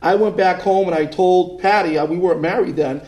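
A man's voice: high voice, a little fast, darkish tone. A middle-aged man with a Boston accent, telling his story as a guest in an earnest, emphatic way. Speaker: ministry founder, guest. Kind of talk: interview testimony.

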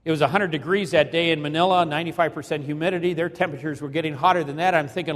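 A man's voice: on the high side, fairly even intonation, racing, few pauses, long reverb tail. A man preaching a sermon, telling a story dramatically and acting out the quotes with emphasis. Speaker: evangelist preacher.

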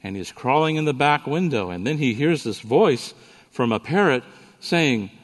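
A man's voice: medium pitch, animated, normal speed, in a large hall. A man speaking at a Bible conference, telling a joke story and teaching with playful asides to the audience. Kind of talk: conference sermon with humor. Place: conference hall.

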